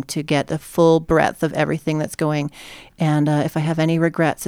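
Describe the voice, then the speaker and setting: A woman's voice: fairly low pitch, darkish tone, clear, resonant tone, no room sound, clean studio sound. A woman from New Jersey hosting a podcast in casual chat, chatty and self-deprecating with many fillers. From New Jersey, USA. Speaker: podcast host.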